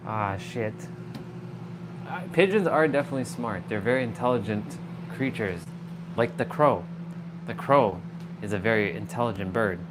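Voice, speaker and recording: A man hosting a livestream, talking casually and telling an animated story, swearing freely. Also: lowish voice, moderate pace, pauses often, noisy background. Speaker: livestream host.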